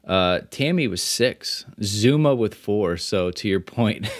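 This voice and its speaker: Male podcast host, casual, energetic, filler-heavy, dry close mic. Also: on the low side, slow, dry recording. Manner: energetic, chatty, many fillers and restarts. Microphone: remote call microphone.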